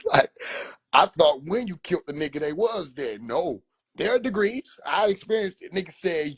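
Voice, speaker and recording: A man hosting a livestream, telling family stories in a casual, profane, animated way with frequent laughter. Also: high voice, normal speed, husky. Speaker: livestream host.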